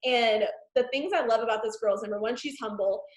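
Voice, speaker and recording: Brief: excitable woman host, fairly high voice, echoey room, video call. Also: fairly quick. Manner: bubbly and excitable, gushing praise. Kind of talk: enthusiastic introduction on a video call.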